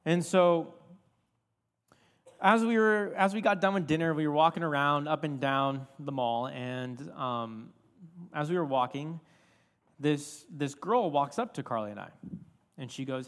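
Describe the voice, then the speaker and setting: A young man telling a story in a casual, animated sermon, full of fillers and asides. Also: on the high side, moderate pace, pauses often. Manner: animated, chatty with many fillers. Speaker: preacher. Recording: reverberant hall.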